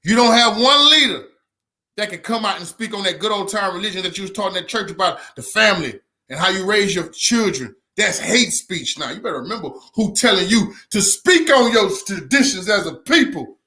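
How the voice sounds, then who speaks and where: Brief: man, very high bright voice, impassioned preaching commentary, repetitive and loud at times. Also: lively intonation, fairly quick. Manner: fiery, preachy, repeats himself, shouts at times. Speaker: commentator reacting to a speech.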